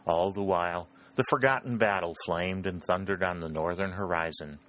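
A man with a deep, low voice reads a novel aloud. His narration is steady and measured, in a plain storytelling manner. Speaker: audiobook narrator.

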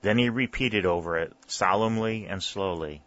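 Low-voiced male audiobook narrator. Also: moderate pace, few pauses, fairly bright tone, dry recording, muffled recording. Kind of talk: scripted narration.

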